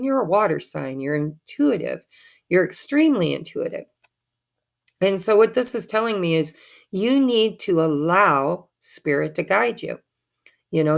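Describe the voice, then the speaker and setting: Gravelly low-voiced woman reading tarot. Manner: chatty, encouraging, spiritual. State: has the hiccups. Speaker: tarot reader.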